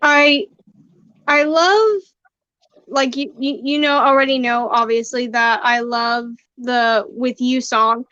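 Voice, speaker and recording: A high-pitched woman chats eagerly as a co-host, her voice coming through slightly muffled. The recording is dry, with no room sound around her. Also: steady tone, slow pace, bright, forceful tone, no room sound. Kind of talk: casual chat. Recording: dry, slightly dull audio.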